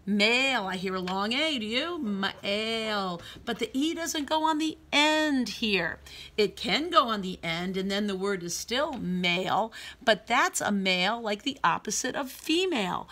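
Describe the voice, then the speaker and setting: Bright-voiced woman teaching phonics. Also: medium pitch, lively intonation. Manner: slow, sing-song sounding out of letters. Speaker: preschool teacher. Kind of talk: remote phonics lesson for young children.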